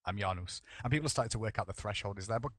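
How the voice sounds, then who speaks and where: A man's voice: on the low side, rapid-fire, a little hiss or hum. A man casting a live esports match, joking and bantering with his co-caster between calls. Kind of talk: live esports play-by-play commentary.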